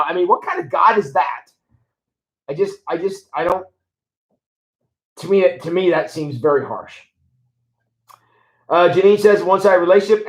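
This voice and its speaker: Animated high-voiced man in echoey room. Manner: conversational, animated, acts out mock prayers. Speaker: pastor. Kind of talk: livestream Bible talk reading viewer comments.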